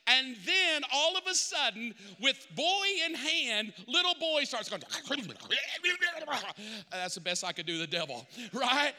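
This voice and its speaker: Preacher guy, high bright voice, acting out the story, echoey church. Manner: animated, acts out Bible characters. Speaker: pastor. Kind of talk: sermon. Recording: reverberant church hall.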